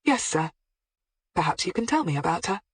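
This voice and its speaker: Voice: medium pitch, very animated, a little fast, slightly rough, no room sound. An audiobook narrator voicing a composed woman police detective who questions a suspect with polite, persistent irony. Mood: ironic. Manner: politely persistent, mildly ironic.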